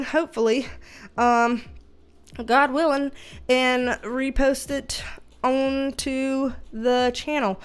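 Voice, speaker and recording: A young adult woman giving a livestream tarot reading at home on a webcam, animated and casual, swearing freely. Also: high-pitched, clean tone. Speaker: tarot reader.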